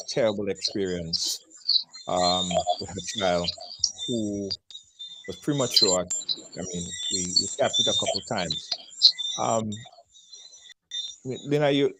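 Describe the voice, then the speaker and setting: Slow, deep-voiced male host. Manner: gentle, halting questions. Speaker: show host interviewer. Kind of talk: interview questioning. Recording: loud background noise with clicks.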